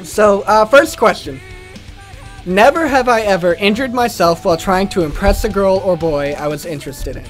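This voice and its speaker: A man's voice: sits high, moderate pace, faint music behind. A young man hosting a casual video, telling a rambling story and swearing freely. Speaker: gaming channel host.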